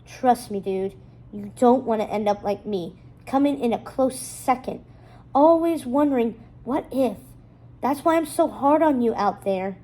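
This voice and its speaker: A woman's voice: on the high side, a little slow, dark tone, low-quality recording. A woman doing a jokey young coach-brother. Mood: wistful. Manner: joking, coach-like pep talk. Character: cocky young adult male ex-racer brother, joking.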